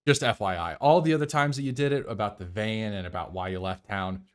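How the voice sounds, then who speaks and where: A man giving casual live commentary on a film he is watching, sarcastic, profane and animated. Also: lowish voice, brisk, clear, resonant tone. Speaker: movie reactor.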